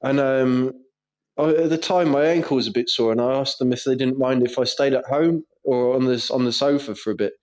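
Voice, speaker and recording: A man's voice: mid-range voice, fairly even intonation, a little fast, darkish tone. A man co-hosting a podcast, telling crude stories in casual banter and laughing often. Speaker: podcast co-host.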